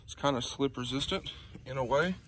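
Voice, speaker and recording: A man's voice: medium pitch, a little fast, a little hiss or hum. A man giving a casual, rambling review of his truck hitch outdoors, with lots of ums and y'all. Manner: relaxed, rambling, many "um"s and "y'all".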